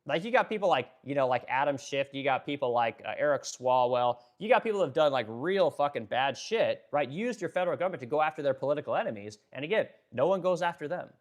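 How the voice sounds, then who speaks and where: A man's voice: on the high side, lively intonation. A man hosting a political livestream, ranting, swearing freely, using many fillers, and stopping to read and answer viewer chat. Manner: fast-talking, ranting, profane, filler-heavy. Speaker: livestream host.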